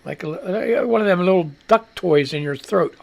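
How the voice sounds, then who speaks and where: Gravelly, congested man rambling on air. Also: high voice, expressive, normal speed. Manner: rambling, profane, laid-back. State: congested and wheezing with a cough. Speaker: radio show host. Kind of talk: casual live radio talk.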